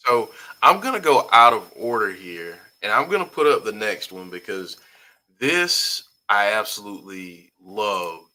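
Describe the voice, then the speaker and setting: Forceful-voiced man hosting a live chat. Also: lowish voice, big pitch swings, unhurried, low-quality recording. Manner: reads viewer comments aloud, easygoing, chuckles often. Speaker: host. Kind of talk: casual live-stream chat.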